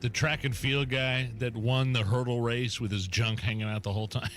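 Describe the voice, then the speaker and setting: Bright-voiced male radio host. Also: mid-range voice, fairly even intonation, moderate pace. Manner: playful teasing, reads ads and weather. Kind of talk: casual talk radio banter. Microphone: studio microphone.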